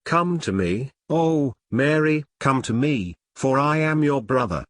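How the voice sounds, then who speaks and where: A man's voice: medium pitch, lively intonation, measured pace, a bit bright, no room sound. A man reading aloud, voicing a strong young man who pleads in choked anguish with his sister.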